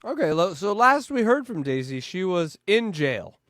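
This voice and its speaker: A man's voice: sits high, big pitch swings, normal speed, heavy background noise. A man hosting a casual comedic podcast, bantering with laughs and swearing. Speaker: podcast host.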